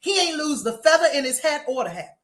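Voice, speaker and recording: A woman co-hosting a sports podcast, talking in an animated, emphatic, mocking way. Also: high-pitched, fairly quick. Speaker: podcast co-host. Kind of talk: casual sports chat.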